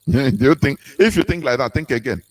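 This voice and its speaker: Over poor audio, a male radio broadcaster delivers a fervent preaching talk full of rhetorical questions and lilting, sing-song rises. His voice is medium-pitched and his pace a little fast.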